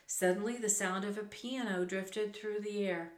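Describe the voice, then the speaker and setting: A woman reading a children's book aloud, unhurried, now and then correcting a slip. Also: mid-range voice, steady tone. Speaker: reader. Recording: roomy echo.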